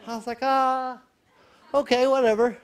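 A man's voice: very high voice, little pitch movement, moderate pace. A man doing a stand-up routine on a studio stage, telling a story in a laid-back way with punchy quoted voices. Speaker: stand-up comedian. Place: studio stage before a live audience. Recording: live stage mic with loud audience. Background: audience laughter.

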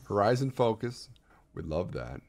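A young man giving excited gameplay commentary as a streamer, full of gamer slang and exclamations, with faint music behind him. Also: lowish voice, moderate pace, gravelly.

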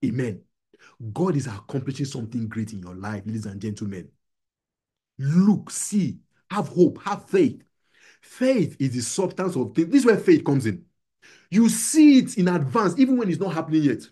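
Young pastor guy preaching hard, kinda husky, fairly high voice, repeats lines over and over. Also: big pitch swings, normal speed, dark tone. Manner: exhorting, repetitive preaching with call-and-response. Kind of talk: sermon. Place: small church gathering.

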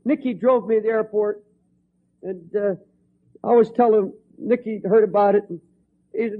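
A middle-aged man preaching a storytelling sermon, impassioned, swinging from hushed tones to ringing cries. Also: high voice, fairly even intonation, moderate pace, pauses often. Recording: dull lo-fi recording.

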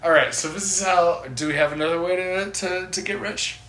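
A man's voice: high voice, fairly even intonation, brisk, pushed and bright. A man co-hosting a podcast in casual comedic chat, swearing, joking and laughing often. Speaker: podcast co-host. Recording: roomy echo, faint noise.

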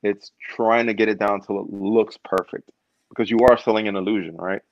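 Animated man with a low voice. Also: brisk, no room sound, muffled recording. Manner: animated storyteller, acts out quotes. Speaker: stunt performer guest. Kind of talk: casual interview chat.

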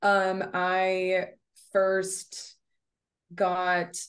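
A woman's voice: fairly low pitch, monotone, extremely slow. A young woman from the United States, an actress chatting casually as an interview guest, with lots of fillers. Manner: chatty, many fillers, laughs often.

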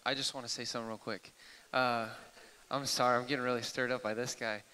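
Eager bright-voiced man in a hall. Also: mid-range voice, quick pace. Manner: eager, excitable, apologetic asides. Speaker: host. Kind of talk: live Q&A sharing. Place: church hall, live audience. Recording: echoey hall.

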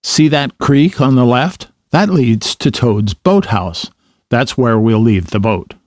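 A man's voice: medium pitch, slow pace, a little mellow, no room sound, studio quality, natural voice. A man voicing a friendly, sensible male water rat who explains things plainly to a friend. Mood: explaining. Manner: explaining, matter-of-fact.

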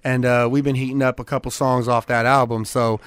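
A man's voice: medium pitch, flat delivery, brisk, fairly bright tone, clear, resonant tone, dry recording, studio quality. A man hosting a casual interview, friendly and hyped, backing his guest up with a lot of "man" and "yeah". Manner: friendly hype, affirms with "man". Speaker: radio show host.

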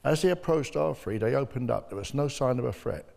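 The speaker is an older bereaved father interviewed as a guest, bluntly sharing his personal story. He talks fairly quickly and expressively in a mid-range, gravelly voice with a slightly mellow quality. Long hall reverb is audible.

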